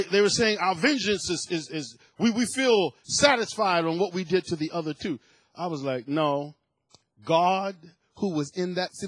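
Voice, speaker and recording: A man's voice: high voice, a bit bright, husky, no room sound. A man preaching a sermon to his church, building to emphatic bursts and repeating words as he goes. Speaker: pastor.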